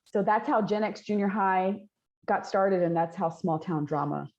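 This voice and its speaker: A woman's voice: mid-range voice, moderate pace, lo-fi sound. A woman from Texas with a Texan accent, a guest telling stories in casual conversation and laughing often. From Texas, United States. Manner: laughs often, animated storytelling. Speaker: guest, video creator.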